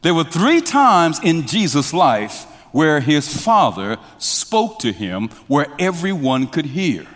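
A man preaching a sermon as pastor. He drops to hushed lines, rises to emphatic ones, and has the congregation finish his sentences. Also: fairly high pitch, very animated, slow pace, few pauses. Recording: long hall reverb.

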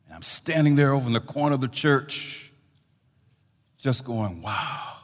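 A male pastor telling a story in a sermon, animated, his voice trailing off softly at the ends of phrases. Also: mid-range voice, a little slow, pauses often, long reverb tail.

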